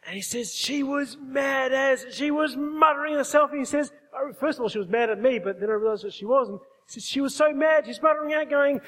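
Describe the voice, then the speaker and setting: A man's voice: very high voice, lively intonation, fairly quick, hardly any pauses, bright, forceful tone, big-room sound. A man preaching a sermon, emphatic, often putting questions to his congregation. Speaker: pastor.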